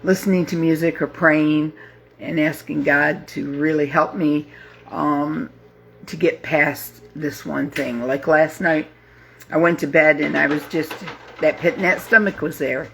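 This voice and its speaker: Woman, 50s, grief support host; slow, halting, heartfelt delivery with faint background hiss. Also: sits low, fairly even intonation, vocal fry, a bit bright. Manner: slow, halting, with many pauses and fillers; heartfelt, openly emotional. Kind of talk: live casual talk to viewers.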